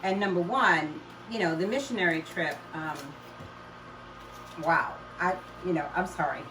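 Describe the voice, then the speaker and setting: An older woman chatting casually to camera in her home kitchen, talking warmly and laughing often as she makes juice. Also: fairly low pitch, measured pace. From United States. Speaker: home juicing vlogger. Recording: roomy kitchen, mic at a distance, loud appliance noise.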